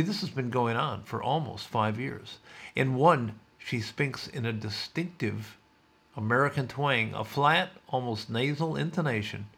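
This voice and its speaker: A man's voice: mid-range voice, gravelly, slightly rough. A man hosting a podcast, reading a news story aloud and breaking off for wry, sardonic asides. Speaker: podcast host.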